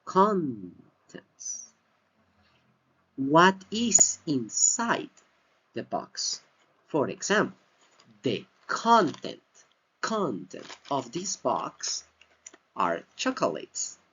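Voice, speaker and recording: A man whose first language is Spanish, teaching English pronunciation and stressing each word slowly and clearly. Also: medium pitch, wildly swooping pitch, sharp tone, slight background noise. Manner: exaggerated word stress, repeats words slowly. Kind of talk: slow deliberate pronunciation lesson. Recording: slightly dull lo-fi recording.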